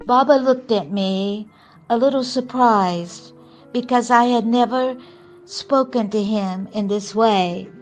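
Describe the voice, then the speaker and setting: An older woman recounts a spiritual memory in a slow, earnest way. Her voice sits slightly high and unhurried. Quiet music plays faintly behind her. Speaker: spiritual storyteller. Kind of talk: reflective personal testimony.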